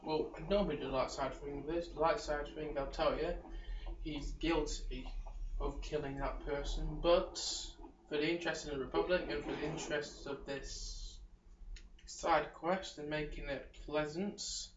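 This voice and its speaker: A man casually commenting on his gameplay, talking quietly in mumbled asides. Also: on the high side, fairly even intonation, moderate pace. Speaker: let's play host. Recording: echoey, distant, dull mic with clear noise.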